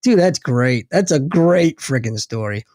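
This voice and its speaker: A blunt man talks in a casual chat, swearing freely as he tells his stories. His pitch swings a lot while he talks. The recording is dry. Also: a little slow, no room sound. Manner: blunt, profane, expressive.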